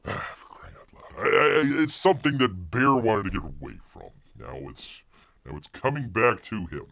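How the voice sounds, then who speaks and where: A man's voice: lowish voice, big pitch swings, normal speed, vocal fry, a bit bright. A man hosting a casual livestream, telling a rambling story with many fillers and restarts. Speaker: livestream host.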